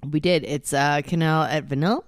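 A woman's voice: sits low, fairly even intonation, brisk, no room sound, clean studio sound. A woman co-hosting a casual podcast, candid and easily sidetracked, swearing now and then. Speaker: podcast co-host. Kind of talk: casual chat.

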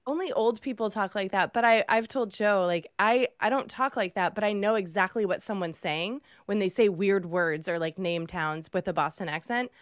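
A woman's voice: mid-range voice, moderate pace, few pauses, dry recording, studio quality. A woman from Massachusetts in casual podcast chat, laughing often and swearing casually.

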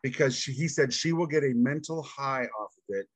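A man's voice: medium pitch, a little fast, husky, no echo, rough recording. Candid man telling a personal story. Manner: candid, animated, acts out quoted dialogue. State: drained and tired. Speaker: podcast guest.

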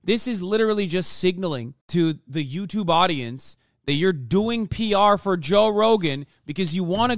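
A man in his thirties streaming, reacting to a video with an angry, profane rant that bursts into shouts. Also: high-pitched, no room sound, clean studio sound. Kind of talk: ranting reaction commentary.

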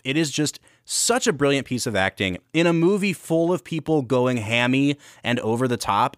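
A man's voice: mid-range voice, fairly bright tone, no echo, studio quality. Enthusiastic male film podcast co-host. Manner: enthusiastic, analytical. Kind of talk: casual film review chat.

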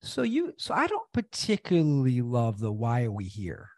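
A husky-voiced man guests on a podcast, his pitch swinging up and down as he stresses his points. He repeats phrases to drive them home, and the recording is dry and close. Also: moderate pace, no echo. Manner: animated, emphatic, repeats for stress. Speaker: guest speaker and trainer. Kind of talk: conversational interview.

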